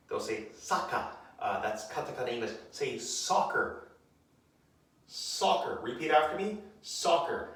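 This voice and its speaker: Male teacher, demonstrating a lesson, slow clear drills, roomy far-off sound. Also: mid-range voice, fairly bright tone. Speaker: English teacher. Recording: very echoey room, off-mic.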